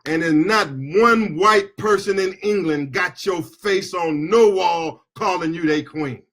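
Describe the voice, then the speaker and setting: A middle-aged American attorney and activist delivers a fiery political speech in a high voice at a slow pace. He is impassioned, shouting at the peaks and leading call-and-response chants.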